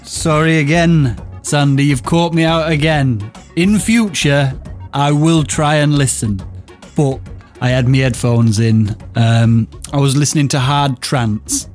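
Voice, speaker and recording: Offhand male panelist, slightly high voice. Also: measured pace, soft background music. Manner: laid-back, offhand. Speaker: comic panelist, takeaway owner. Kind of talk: comedy radio banter.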